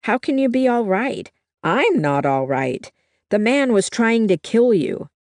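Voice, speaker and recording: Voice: mid-range voice, normal speed, darkish tone, no room sound, studio quality, lightly acted. A reader voicing a worried young woman who speaks urgently and pleadingly. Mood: alarmed.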